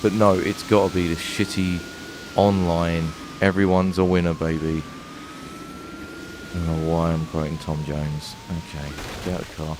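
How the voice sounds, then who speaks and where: Streamer, London accent, very deep voice; sweary, annoyed gameplay commentary over a noisy desk mic. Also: male voice, level tone, normal speed. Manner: frustrated, swearing rant. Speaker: game streamer. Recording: noisy home stream recording.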